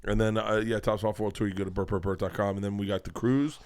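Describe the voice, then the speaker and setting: A man's voice: lowish voice, level tone, quick pace, a little mellow. Loose-talking profane male comedian. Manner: loose, profane, rambling storytelling. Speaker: guest comedian. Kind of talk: casual podcast chat.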